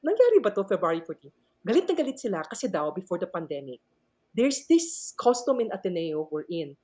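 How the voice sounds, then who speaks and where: Filipino lady teacher on a podcast, pitch swoops all over, chatty and animated. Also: fairly quick. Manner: animated, mixes Tagalog and English. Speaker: podcast guest, math teacher. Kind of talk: casual podcast storytelling.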